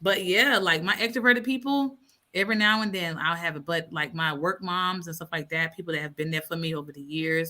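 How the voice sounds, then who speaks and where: A woman's voice: low-pitched, pushed and bright. A woman in her thirties hosting a casual live stream, reading out comments and acting out her own thoughts with lots of laughter.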